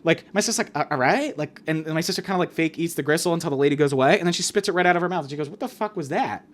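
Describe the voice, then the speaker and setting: A man's voice: fairly high pitch, steady tone, very fast. A man hosting a podcast, delivering a rambling, profane, exasperated comedic rant. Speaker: podcast host.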